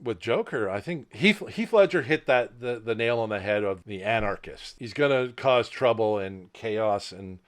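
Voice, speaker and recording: A man's voice: lowish voice, lively intonation, moderate pace, hardly any pauses. Rambling man co-hosting a podcast. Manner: rambling, repeats words as he restarts. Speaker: podcast co-host. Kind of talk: casual chat. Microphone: laptop mic.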